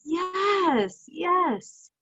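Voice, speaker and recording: A woman life coach leading a guided session over a video call, emotional and animated, laughing often as she talks. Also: very high-pitched, very slow, vocal fry, lo-fi sound.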